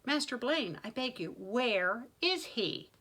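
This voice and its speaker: An elderly steward of a manor, alarmed and deferential as he begs his young master, played by a woman reading aloud. He sounds bright and urgent in this fantasy storybook. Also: fairly high pitch, expressive, slow pace, exaggerated voice. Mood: anxious. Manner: anxious, deferential pleading.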